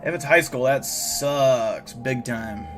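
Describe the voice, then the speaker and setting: A man's voice: mid-range voice, slow pace, over music. A tired young man hosting a livestream, chatting casually with viewers in a rambling, profane way, full of restarts. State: tired, yawning. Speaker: livestream host. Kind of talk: casual chat, reacting to viewer messages.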